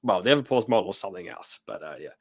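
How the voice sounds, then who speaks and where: A man's voice: deep voice, lively intonation, racing. A man from New hosts a casual livestream. He chats loosely and jokes as he reads out viewer comments, with lots of fillers and restarts. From New Zealand. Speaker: host.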